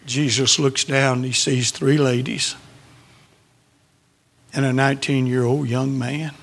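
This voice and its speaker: A man's voice: mid-range voice, level tone, measured pace, gravelly, fairly bright tone. A man preaching a sermon, emphatic and dramatic, sometimes dropping his voice to a whisper.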